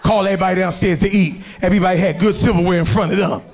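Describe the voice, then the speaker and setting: Brash profane Philly stand-up comic. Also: male voice, high voice, rapid-fire. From Philadelphia. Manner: brash, profane, animated storytelling. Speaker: stand-up comedian. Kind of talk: stand-up comedy. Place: comedy stage.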